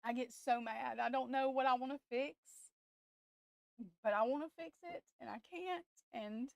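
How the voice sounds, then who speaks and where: A woman's voice: a little high, steady tone, creaky, no echo, lo-fi sound. Impassioned woman on the verge of tears. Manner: impassioned, tearful, halting restarts, addresses viewers as y'all. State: close to tears. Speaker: tarot livestream host. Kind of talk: emotional live-stream chat.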